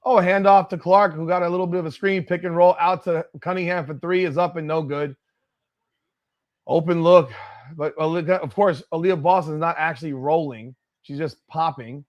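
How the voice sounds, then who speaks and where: A man's voice: a little high, fairly even intonation, moderate pace, highs cut off. A man hosting a live watch-party stream, calling the plays in a blunt, profane way with exasperated outbursts. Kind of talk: live play-by-play watch-along commentary.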